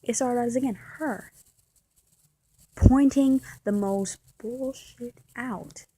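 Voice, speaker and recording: A woman's voice: on the high side, slow, mellow, husky, rough recording. A woman vlogger speaking in a candid, venting confessional monologue, often repeating and restarting her words.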